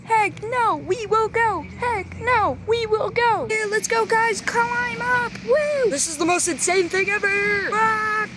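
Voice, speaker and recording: A woman acting out a plush toy story, switching between many character voices with excited shouted sound effects. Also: very high voice, slow pace, background noise. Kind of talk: playful toy role-play narration.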